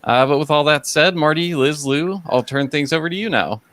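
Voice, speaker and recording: A man's voice: on the high side, moderate pace, a bit bright, no echo, low-quality recording. A man opening a live online show, explaining in a friendly, instructive way how viewers can chat and ask questions. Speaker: event producer. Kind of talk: live-stream introduction.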